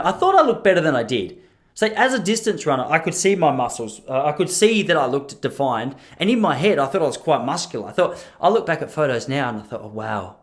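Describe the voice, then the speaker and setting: A man, rambling and joking about himself as a podcast host. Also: fairly high pitch. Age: 30s. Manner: self-deprecating, rambling with restarts and laughs. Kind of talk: solo rambling podcast monologue.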